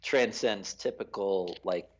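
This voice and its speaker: A man's voice: sits low, slow pace, lo-fi sound. A man co-hosting a casual sports chat, ranting animatedly with lots of fillers. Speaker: podcast co-host.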